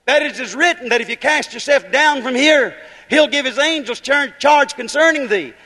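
A man's voice: very high-pitched, animated, normal speed, bright, forceful tone, in a large hall. A man preaching a fiery holiness sermon, building to emphatic bursts and firing rhetorical questions at the congregation.

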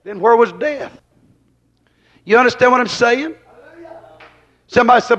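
High-voiced preacher, fervent. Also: male voice, expressive, measured pace. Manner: emphatic, repeats phrases, swings from loud exclamations to hushed asides. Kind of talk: fervent sermon. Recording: dull lo-fi recording.

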